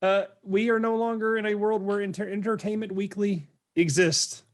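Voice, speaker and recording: A man's voice: high-pitched, steady tone, moderate pace. A man co-hosting a podcast, chatting casually with a dry, blunt manner. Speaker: podcast co-host. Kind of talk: casual chat.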